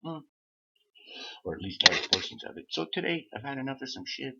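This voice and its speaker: A man's voice: mid-range voice, very animated, fairly quick, creaky, very noisy. A man telling a rambling, profane story, swearing often and laughing at himself. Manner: swearing, laughing at own stories. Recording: dull lo-fi audio.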